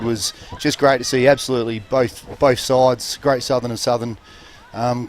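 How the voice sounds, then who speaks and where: Aussie bloke calling a country footy match, pretty monotone, bit of outdoor noise behind. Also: male voice, mid-range voice. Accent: Australian. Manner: relaxed, halting, many fillers. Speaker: local football commentator. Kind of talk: casual sports commentary. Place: commentary box at an outdoor oval.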